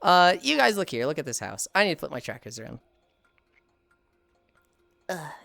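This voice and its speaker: A woman streamer chatting casually while she plays, animated and swearing freely, laughing often. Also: extremely low pitch, moderate pace, creaky, no room sound, faint music behind. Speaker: live streamer. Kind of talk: casual chat while gaming.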